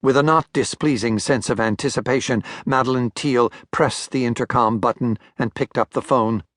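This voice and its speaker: Older male audiobook narrator, measured and wry, dry booth sound. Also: medium pitch, steady tone, a bit bright, no room sound. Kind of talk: scripted narration.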